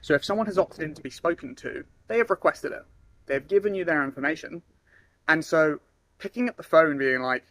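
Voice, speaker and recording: Young male, casual explainer, slightly high voice, dry close recording. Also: fairly quick, dry recording. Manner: casual, acts out phone calls in lively voices. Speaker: sales trainer. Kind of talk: casual talking-head advice.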